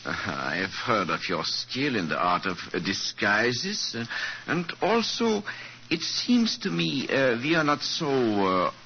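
An actor playing a weak, injured German count and diplomat with a German accent, halting and hesitant, in a 1940s radio play. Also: male voice, mid-range voice, big pitch swings, slightly rough, exaggerated voice. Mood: earnest. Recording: muffled 1940s radio broadcast, faint hiss.

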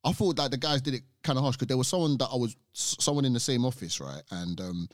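A young man tells a long story in loose, rambling chat. He stumbles over repeated words and slips into other people's lines as he goes. His voice sits at a middle pitch, recorded close and dry. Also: lively intonation, fast, dry recording.

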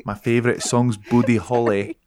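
A man's voice: medium pitch, flat delivery, moderate pace, background noise, lightly acted. A man putting on a Scottish accent as a cheeky, crude Scottish man in a casual podcast chat. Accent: put-on Scottish. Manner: playful, teasing, over the top.

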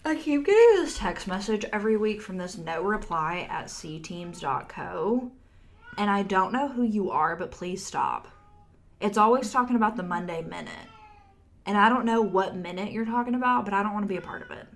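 Southern woman podcast co-host, creaky voice, mid pitch, deadpan quips. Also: moderate pace. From Texas. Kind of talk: casual chat.

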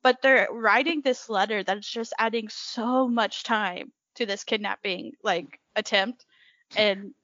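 A young woman co-hosting a podcast in casual chat, chatty and quick to agree. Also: medium pitch, a bit bright, no echo. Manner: chatty, frequent agreeing "yep". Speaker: podcast co-host. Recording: dull lo-fi, dry sound.

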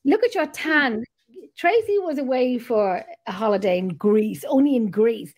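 A woman with an Irish accent hosting a casual chat, telling stories in an animated way on a video call. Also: on the high side, measured pace. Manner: chatty storyteller, animated retelling. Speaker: host.

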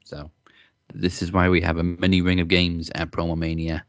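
A man's voice: low-pitched, completely flat delivery, normal speed, dry recording. A man hosting a podcast casually, laid-back and hesitant. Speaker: podcast host. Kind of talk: casual chat.

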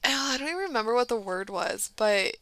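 Chatty young woman, bright lively voice. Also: a little high, no echo. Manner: chatty, self-mocking, fast bursts of fillers. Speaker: podcast co-host. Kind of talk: casual chat.

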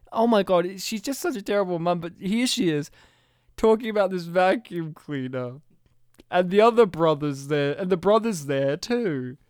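A podcast co-host in casual film-review chat, lively and laughing, acting out scenes while retelling them. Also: medium pitch, smooth, dry recording, clean studio sound. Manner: animated, laughing, acts out scenes.

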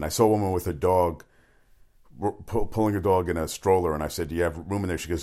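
A man's voice: low voice, steady tone, fast talker, dark tone. A man hosting a sports talk show, rambling bluntly from one topic to the next with frequent restarts and swearing. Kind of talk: rambling casual monologue.

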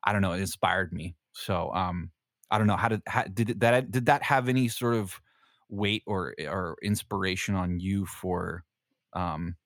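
This podcast host, a man who served in the Navy, spins a casual story packed with fillers, swearing and laughs. He has a deep voice, recorded in clean studio sound with no echo.

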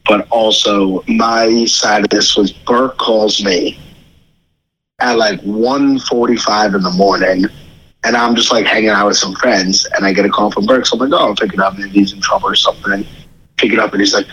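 A man's voice: on the low side, moderate pace, pushed and bright, slightly rough, rough recording. A young man telling his side of a family story in a chatty, casual way, acting out the quoted voices.

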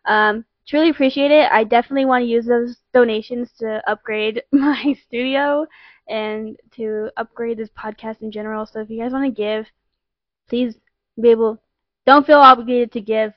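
A woman's voice: a little high, no room sound. A woman in her twenties hosting a casual podcast from a home basement, giggly and chatty with lots of "um" and "like". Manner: chatty, giggly, many fillers like "um" and "like". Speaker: podcast host. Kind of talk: casual chat. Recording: dull, lo-fi, dry sound.

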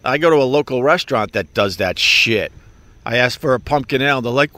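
A man's voice: medium pitch, animated, brisk, bright, forceful tone. Rambling, profane male podcast host. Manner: rambling, profane, self-mocking. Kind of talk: rambling solo monologue.

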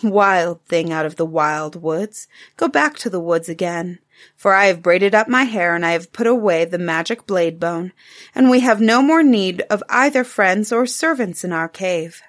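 A woman's voice: on the low side, moderate pace, lightly acted. A woman voicing a wise, proud cave woman in a storybook fable, firm and dismissive.

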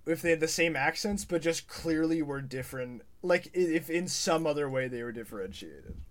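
A man with a somewhat high voice co-hosting a film review podcast. He talks casually and bluntly, laughing easily and dropping the odd swear. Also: expressive, normal speed. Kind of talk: casual chat.

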